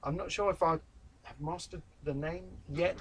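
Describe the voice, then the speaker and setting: A man's voice: on the high side, normal speed, breathy edge, distant mic. A man hosting a casual football vlog indoors, making playful jokes and wordplay. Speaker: vlog host. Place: indoors, talking to camera.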